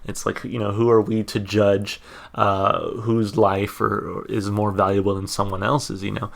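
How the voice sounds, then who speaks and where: Gravelly-voiced American man reacting to music. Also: lowish voice, little pitch movement, normal speed. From United States. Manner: thinking aloud, reading lyrics and notes, many fillers. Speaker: music reaction channel host. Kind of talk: casual music reaction commentary.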